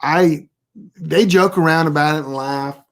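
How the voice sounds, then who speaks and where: Laid-back prep-class teacher who rambles and restarts but turns blunt and deadpan on key points. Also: mid-range voice, a little slow. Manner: rambling, self-interrupting, anecdotal. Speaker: preparedness class instructor. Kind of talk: casual live online class.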